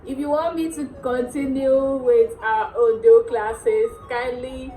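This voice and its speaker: A Nigerian woman hosting a casual language lesson, repeating words slowly and laughing often. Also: high voice, fairly even intonation, warm tone. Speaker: dialect teacher and channel host. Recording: echoey room with faint music.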